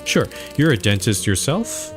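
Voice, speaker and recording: A man's voice: medium pitch, sing-song, unhurried, music in the background. A man reading aloud the lines of a polite, evasive woman who is a senior dental office administrator, as game dialogue.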